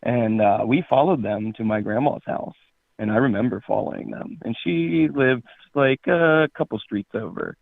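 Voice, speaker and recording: A man calling in to a show, chatting casually in a relaxed, jokey way. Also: medium pitch, moderate pace, vocal fry, dry recording. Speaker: caller. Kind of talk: casual chat. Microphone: phone. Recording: tinny phone line.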